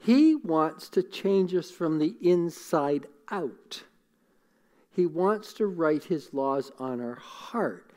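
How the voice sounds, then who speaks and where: A middle-aged man preaching a sermon, earnest and emotional, repeating phrases and dropping to a hush. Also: fairly high pitch, expressive, slow. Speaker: pastor.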